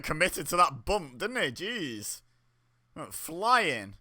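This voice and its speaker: Bright-voiced man chatting through a watch-along. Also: fairly high pitch, sing-song, slow pace. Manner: chatty, reacts aloud with laughs and exclamations. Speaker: wrestling watch-along host. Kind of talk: casual watch-along commentary.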